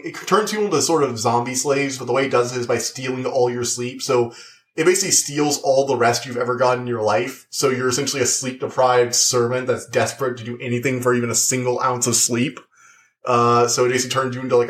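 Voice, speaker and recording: Rambling young man reviewing a show. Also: mid-range voice. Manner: rambling, full of likes and uhs. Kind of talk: casual review chat.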